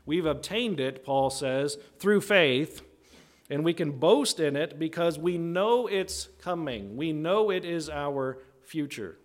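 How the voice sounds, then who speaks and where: Man, preacher, conversational sermon, teaching tone, somewhat high pitch. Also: animated, slow pace. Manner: teaching tone, often asks "right?" to the listeners; acts out quoted voices with big pitch jumps.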